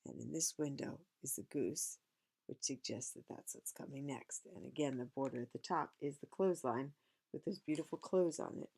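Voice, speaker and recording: Low gravelly woman reading a picture book. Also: normal speed, warm tone. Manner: chatty, pointing out pictures. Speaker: reader of a picture book to a child. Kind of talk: children's book read-aloud with asides.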